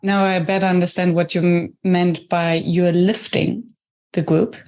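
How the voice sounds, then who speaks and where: A woman's voice: lowish voice, little pitch movement, measured pace, a little mellow. A woman hosting a podcast, laying out her thoughts step by step in a conversational way. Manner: thoughtful, builds ideas step by step. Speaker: podcast host. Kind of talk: conversational interview.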